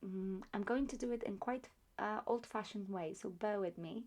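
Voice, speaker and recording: A woman's voice: mid-range voice, moderate pace, a little mellow, slight background noise. A woman teaching a beginner language lesson, explaining patiently and repeating words for practice. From Poland.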